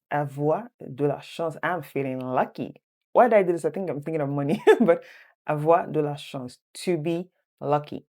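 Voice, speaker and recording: Woman tutor, low mellow voice; slow repeated phrases with chatty asides. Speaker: French teacher. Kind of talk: online language lesson.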